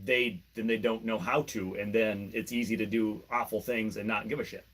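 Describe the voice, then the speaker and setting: A man's voice: fairly low pitch, fairly even intonation, moderate pace, a bit bright, slightly rough. A man co-hosting a podcast who asks probing questions and offers careful, hedged guesses. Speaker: podcast co-host. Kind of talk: reflective conversation.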